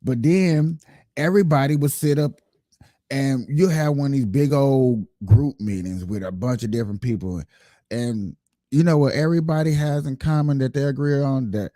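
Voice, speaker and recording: Here a livestream host speaks straight to his audience about politics in a casual, earnest way, often going over the same points again. He has a warm, medium-pitched voice. It's captured with studio clarity and no echo.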